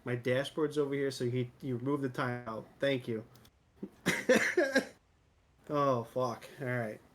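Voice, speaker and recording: A man's voice: mid-range voice, little pitch movement, a little slow. Laughing, joking male streamer. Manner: laughing often, joking, swearing freely. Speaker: streamer host. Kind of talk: casual chat while gaming.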